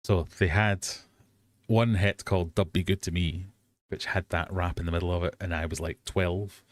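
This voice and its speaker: Running a live quiz hangout, an English man speaks at a moderate pace with a low voice and steady tone, and there's no room sound. His style is chatty and self-deprecating, prone to tangents and sudden silly sung snippets.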